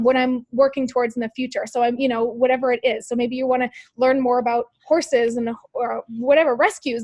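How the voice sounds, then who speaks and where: A woman with a high-pitched, slightly mellow voice, recorded with no echo, heads up a motivational sales team call. Peppy and coaching, she speaks right to her team, asking lots of rhetorical questions and leaning on "like" and "you guys."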